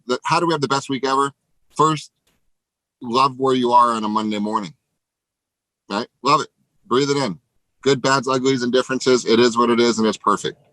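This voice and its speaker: Man, energetic motivational talk, emphatic, dry close sound. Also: medium pitch, no echo, poor audio. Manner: energetic, emphatic, swears casually. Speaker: real estate team leader.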